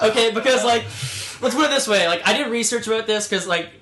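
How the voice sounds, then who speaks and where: A young man hosting a casual podcast, rambling through a story with lots of fillers and sudden loud put-on voices. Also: sits high, quick pace, heavy background noise. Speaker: podcast host. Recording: echoey room.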